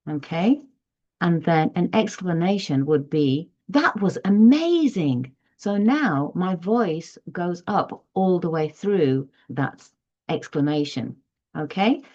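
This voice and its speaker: A woman's voice: lowish voice, animated, slow pace, warm tone, muffled recording. A woman teaching parents in an online lesson, patient and explanatory, stressing key terms as she goes. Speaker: parent tutor.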